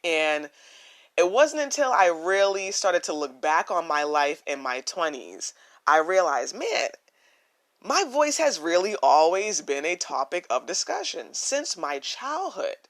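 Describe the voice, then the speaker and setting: A young woman with a naturally low voice, hosting a solo podcast, earnest and reflective, often repeating her phrases for emphasis. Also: sing-song, unhurried. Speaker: podcast host.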